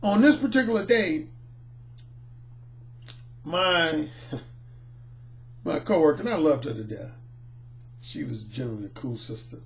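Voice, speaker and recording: A middle-aged man, a dating coach, telling a personal anecdote in an animated, storytelling way. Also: on the high side, unhurried, vocal fry, pauses often. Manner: animated, acts out the people in his anecdotes. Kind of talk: storytelling monologue.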